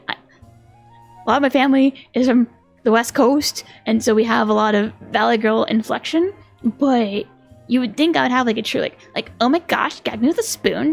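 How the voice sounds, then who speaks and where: Giggly woman streamer, high and gravelly. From Minnesota. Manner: playful, giggly, reads game dialogue aloud. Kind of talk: casual let's-play commentary.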